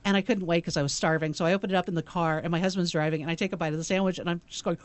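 A woman's voice: lowish voice, fairly even intonation, very fast, dry recording. A woman co-hosting a talk show who tells stories with a few hesitant restarts. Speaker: co-host. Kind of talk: casual chat.

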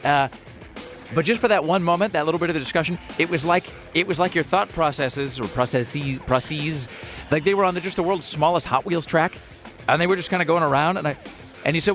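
A man's voice: a little high, fast talker, a bit bright, soft background music. A man hosting a radio talk show, chatting casually in a wry, rambling way with many fillers.

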